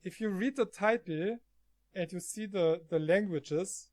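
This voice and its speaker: A man streaming from home, chatting casually, often halting and laughing. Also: high-pitched, a little mellow, no room sound, clean studio sound.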